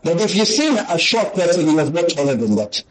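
A man giving a sermon, reciting Arabic quickly and then explaining it in English in an earnest storytelling way. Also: fairly high pitch, big pitch swings, a crowd in the background, rough recording. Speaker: Islamic teacher. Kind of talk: sermon on the Prophet's qualities.

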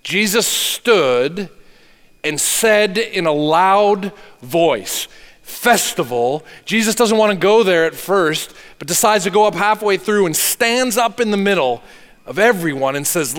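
A man preaching a sermon as pastor, earnest, swinging from hushed to emphatic. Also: high-pitched, expressive, a little slow, big-room sound.

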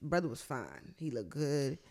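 A young woman hosting a podcast tells stories in a casual, animated way, swearing freely and acting out quotes. Her voice is very deep and unhurried.

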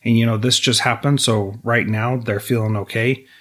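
A man's voice: medium pitch, steady tone, normal speed. A man hosting an interview, talking in an earnest, reflective way with small restarts. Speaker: podcast host interviewing a guest. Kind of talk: conversational interview.

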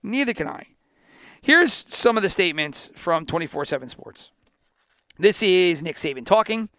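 A man's voice: sits high, animated, normal speed, a bit bright, no echo, studio quality. Opinionated man ranting on sports. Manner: opinionated, ranting, laughs at himself. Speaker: podcast host. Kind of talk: sports podcast monologue.

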